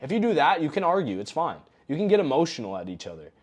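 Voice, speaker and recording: A young adult man giving a recorded coaching lesson in a relaxed, conversational way, often acting out example phrases. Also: a little high, fast talker. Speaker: coaching course instructor.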